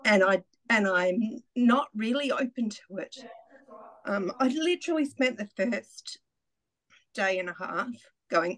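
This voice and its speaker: A woman's voice: mid-range voice, expressive, a little slow, a bit bright, poor audio. A middle-aged woman giving a candid, self-mocking spoken testimonial as a retreat participant, laughing often and swearing freely.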